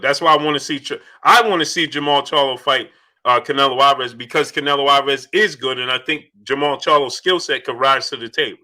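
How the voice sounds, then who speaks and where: A man's voice: mid-range voice, sharp tone. A man hosting a casual boxing livestream, reading out super chats and making his points emphatically, often restarting his phrases.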